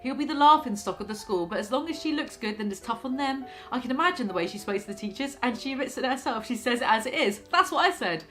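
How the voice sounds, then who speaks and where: A woman's voice: on the high side, expressive, quick pace, hardly any pauses, fairly bright tone, faint music behind. A woman vlogger reading out a news story and breaking off for sarcastic, mocking commentary. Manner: sarcastic, mocking, laughs at her own jokes.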